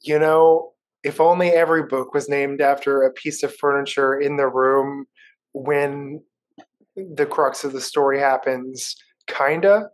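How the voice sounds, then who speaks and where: A man's voice: medium pitch, steady tone, measured pace. Male co-host, mid-range voice, dry humor, casual chat. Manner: dry, joking asides. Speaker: podcast co-host. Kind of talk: casual book discussion.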